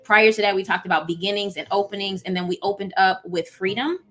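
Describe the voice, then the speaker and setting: A woman hosting a live stream in casual chat, reading out viewer comments and talking to them warmly. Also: mid-range voice, quick pace. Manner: warm, chatty, reads out viewer comments.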